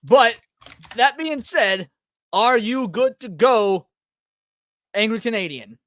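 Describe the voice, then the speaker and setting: A man's voice: extremely high pitch, animated, slow, fairly bright tone, dry recording, studio quality. A man hosting a casual stream panel, often stammering and repeating words as he starts. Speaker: stream host.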